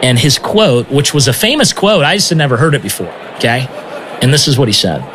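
A man telling his personal testimony as a missionary in a lively, conversational way, often tossing in "man" and "okay?". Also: mid-range voice, brisk, a little hiss or hum. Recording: music playing underneath.

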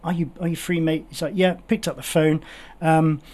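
A man's voice: fairly high pitch, fairly even intonation, normal speed, darkish tone. Enthusiastic man on local radio. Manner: enthusiastic, gushing with thanks. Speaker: guest fundraiser. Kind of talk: radio interview chat.

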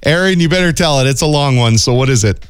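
A man's voice: mid-range voice, animated, fast, smooth, dry recording, clean studio sound. A man, a playful, giggly radio host chatting casually.

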